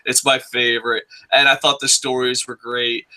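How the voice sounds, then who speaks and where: A man in his thirties hosting a casual wrestling review, excitable and profane, breaking into jokey shouts. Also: medium pitch, moderate pace. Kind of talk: casual podcast chat.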